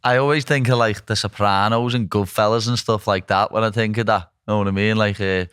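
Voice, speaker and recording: Laid-back Scouse man, smooth low voice. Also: steady tone, fairly quick, fairly bright tone, dry recording, studio quality. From Liverpool, England. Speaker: host. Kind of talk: casual interview chat.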